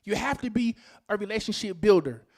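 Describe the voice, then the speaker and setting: A man with a strikingly high voice delivers a rousing motivational speech to a live conference audience. He calls out questions to the crowd and hammers his key phrases again and again. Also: expressive, fairly quick, a little mellow. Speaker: conference speaker.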